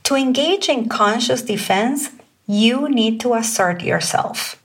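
A woman coaching on communication in a calm instructional talk, speaking slowly and deliberately and reading example phrases aloud. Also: a little high, breathy edge, recorded from a distance.

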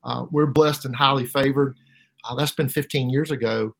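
A middle-aged man giving an emotional personal testimony as an interview guest, halting and repeating words, his voice rising sharply at painful moments. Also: medium pitch, fairly even intonation, gravelly, a bit bright. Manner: halting, repeats words, voice rises sharply when reliving pain.

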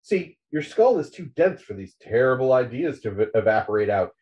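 A man voicing a smarmy male cult recruiter with a condescending, wheedling sales pitch. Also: sing-song, fairly quick, lo-fi sound, close to an everyday voice. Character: smarmy male cult preacher selling skull drilling.

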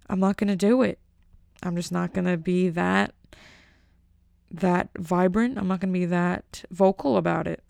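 A woman's voice: lowish voice, steady tone, normal speed, vocal fry, darkish tone, no echo, clean studio sound. A young woman delivering a rambling, jokey comedic monologue and often interrupting herself.

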